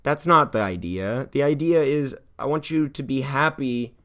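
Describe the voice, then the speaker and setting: A man in his twenties from California, talking in an earnest confessional vlog, rambling and heartfelt, swearing often and swinging between hushed and heated. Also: mid-range voice, normal speed. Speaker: YouTuber.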